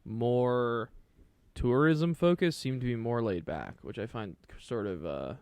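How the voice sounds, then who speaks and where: A man's voice: mid-range voice, lively intonation, measured pace, a little mellow, smooth, no echo. A young man co-hosting a podcast in casual chat, laughing often and trailing off mid-sentence. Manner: laughs a lot, trails off, restarts. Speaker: podcast co-host.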